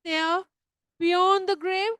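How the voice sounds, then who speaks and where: A woman's voice: very high voice, little pitch movement, extremely slow, fairly bright tone, dry recording, full character voice. A woman voicing a grieving young widow who vows lifelong mourning, in a theatrical, declaiming manner.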